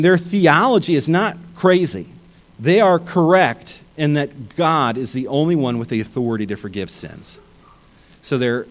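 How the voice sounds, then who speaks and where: A man's voice: medium pitch, poor audio. A male pastor delivers a sermon in an emphatic, conversational way. His voice rises and falls widely, and he often stumbles and restarts his phrases. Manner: animated, emphatic, many restarts.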